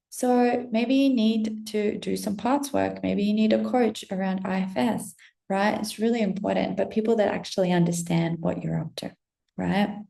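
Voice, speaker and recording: Gravelly-voiced woman giving a pep talk. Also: medium pitch, fairly even intonation, mellow, echoey room. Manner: encouraging, asks rapid rhetorical questions; casual, swears now and then. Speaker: coach. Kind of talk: motivational pep talk to camera.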